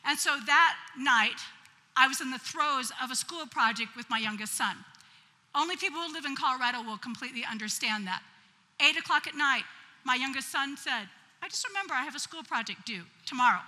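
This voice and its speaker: A woman delivers a sermon as a string of funny stories, chatty and self-mocking. Her voice sits high and rings very bright and sharp. A long reverb trails each phrase through the hall. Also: fairly quick. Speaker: preacher at a women's conference. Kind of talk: humorous storytelling sermon.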